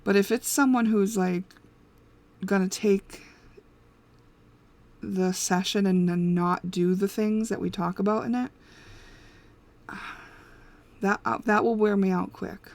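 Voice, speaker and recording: A woman's voice: mid-range voice, fairly even intonation, slow pace, pauses often, darkish tone. A woman hosting an intuitive reflection reading, giving candid, rambling advice with frequent laughs and fillers. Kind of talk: casual spoken advice.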